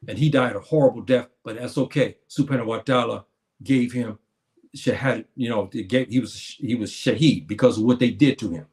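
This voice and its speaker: A Muslim preacher, speaking a little fast in a medium-pitched, somewhat mellow voice, gives an earnest religious talk. Addressing everyone as brothers and sisters, he restarts his phrases often.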